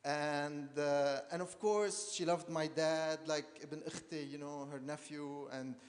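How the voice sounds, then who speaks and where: A man's voice: a little high, steady tone, slow pace. A man from Lebanon giving a personal storytelling talk as an artist, hesitant, repeating words and using many fillers. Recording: long hall reverb.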